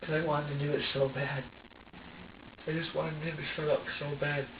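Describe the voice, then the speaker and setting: A man being questioned by police, talking in halting bursts, repeating words and swearing as he quotes himself. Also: on the high side, flat delivery. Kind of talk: police interrogation recording. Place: interrogation room. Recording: roomy, distant, dull with hiss.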